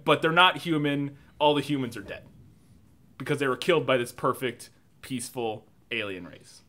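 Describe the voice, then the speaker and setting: A young man co-hosting a casual movie review podcast, animated and swearing, often laughing as he talks. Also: mid-range voice, moderate pace, soft background music. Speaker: podcast co-host.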